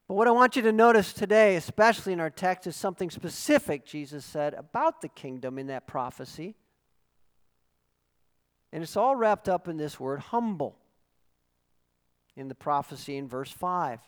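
Male pastor, sermon delivery, earnest teacher who swells into emphatic calls, voice a bit high, long church reverb. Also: expressive, moderate pace, pauses often, clean tone.

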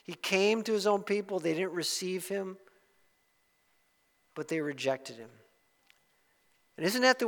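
Impassioned high-voiced pastor in a reverberant hall. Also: male voice. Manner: impassioned preaching, surging to loud peaks. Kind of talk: sermon.

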